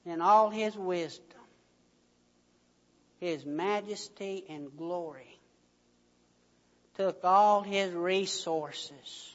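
A preacher delivering a sermon, telling a story slowly with emphatic stresses, in a church hall. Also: medium pitch. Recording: dull recording, long hall reverb.

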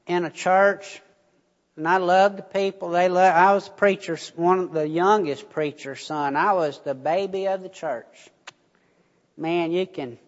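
A pastor with a fairly high voice preaches slowly and unhurriedly, folksy and chatty with his congregation. His voice rings out with a long reverb through the church sanctuary, and the sound is a little dull. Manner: folksy storytelling, addresses congregation. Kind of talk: sermon.

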